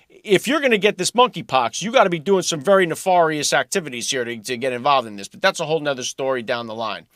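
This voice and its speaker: Blunt, sarcastic male host, high voice, dry close sound. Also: fairly bright tone, dry recording. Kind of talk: opinionated talk show monologue.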